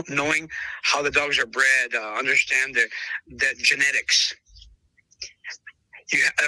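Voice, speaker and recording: A man's voice: mid-range voice, bright, forceful tone, no echo, low-quality recording. A man who breeds dogs, telling stories in a casual interview and acting out both sides of past conversations, often calling the listener brother. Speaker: dog breeder.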